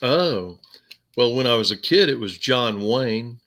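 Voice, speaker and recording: A man hosting a podcast, telling stories in a casual, animated way and laughing often. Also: medium pitch, a little slow. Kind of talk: casual chat.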